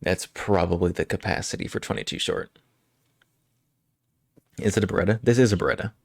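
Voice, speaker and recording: A man streaming live, chatting casually with frequent chuckles and halting restarts as he rambles. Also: deep voice, creaky, husky, dry recording, studio quality.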